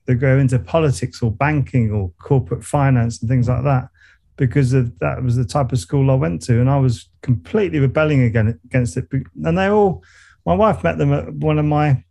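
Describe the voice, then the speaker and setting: Talking a little fast in a creaky, mellow mid-range voice, a middle-aged guest with a Surrey English accent rambles reflectively through a casual interview. He's a meditation coach and musician from England who often restarts and laughs.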